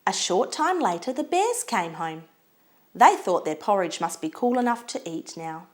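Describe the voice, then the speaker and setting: A woman reading a children's storybook aloud in an expressive, lilting way. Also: medium pitch, normal speed.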